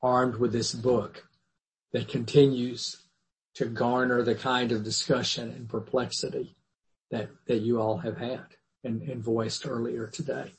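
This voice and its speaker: Gravelly-voiced man teaching a Bible class. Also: medium pitch, level tone, rough recording. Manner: measured, thoughtful, with restarts. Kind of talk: scripture reading and lecture.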